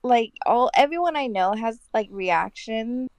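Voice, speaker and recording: A woman guest on a podcast in casual chat, giggly and animated as she tells stories over an online call. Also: fairly high pitch, a little slow, no echo.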